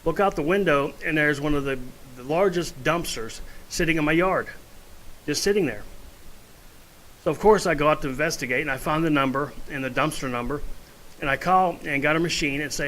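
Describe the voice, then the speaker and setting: A man's voice: fairly high pitch, a little fast, a bit bright, a little hiss or hum, low-quality recording. A man ranting in a casual opinion vlog from his home, blunt and rambling with asides. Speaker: vlogger.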